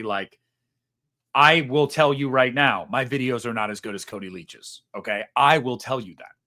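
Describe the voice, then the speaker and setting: A man's voice: medium pitch, bright, forceful tone. A young man hosting a casual live stream, reading super chats in a rambling, self-mocking way and swearing freely.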